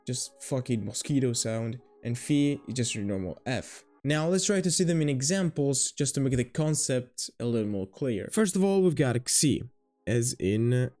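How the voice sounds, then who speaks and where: A man's voice: medium pitch, darkish tone. Playful man teaching letters. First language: Greek. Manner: playful, jokey, swears casually. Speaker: language teacher. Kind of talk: casual video lesson.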